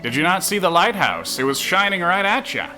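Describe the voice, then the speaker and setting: A man's voice: sits high, sing-song, fairly quick, sharp tone, faint music behind, pitched above the performer's own voice, heavily acted. A man putting on a pompous old-time harbor master. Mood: grandiose. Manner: theatrical, raised formal voice.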